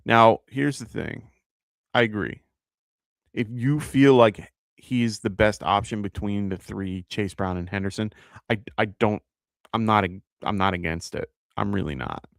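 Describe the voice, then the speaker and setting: A man's voice: lowish voice, measured pace, creaky, no echo, studio quality. A man with a New York accent hosting a live fantasy football show, chatting casually, thinking aloud with fillers and reading out viewer questions. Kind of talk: live-stream fantasy advice chat.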